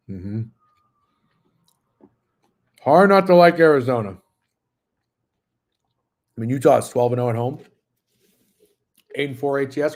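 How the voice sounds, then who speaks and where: A sports betting show host in his thirties, with a medium-pitched, darkish voice, chats casually while reading chat messages on his stream. His talk is rambling and profane, and at times his mouth is full.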